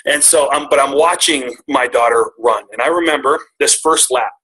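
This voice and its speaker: A man's voice: medium pitch, moderate pace, pushed and bright, low-quality recording. A middle-aged man telling a personal story to his team on a call, earnest and emotional, often restarting his sentences.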